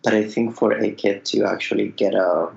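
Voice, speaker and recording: A man's voice: lowish voice, steady tone, moderate pace, a little mellow. A man language professor answering an interview question in a thoughtful, hesitant way. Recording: gravelly lo-fi audio with faint noise.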